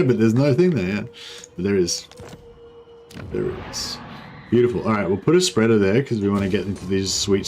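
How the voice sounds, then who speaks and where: A man's voice: medium pitch, darkish tone. A young Australian man giving rambling, laid-back commentary while streaming a strategy game, full of fillers. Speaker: gaming streamer. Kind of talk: casual livestream commentary.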